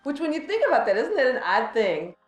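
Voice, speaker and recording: A woman's voice: high voice, brisk, roomy sound, rough recording. A woman casually telling a personal story to friends, laughing often and acting out what people said. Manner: animated, laughs often, acts out quotes.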